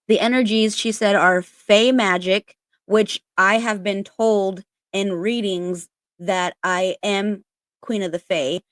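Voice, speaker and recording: A woman's voice: fairly low pitch, dry recording. A woman chatting casually and reading aloud, with lots of fillers and casual swearing. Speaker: spiritual content creator.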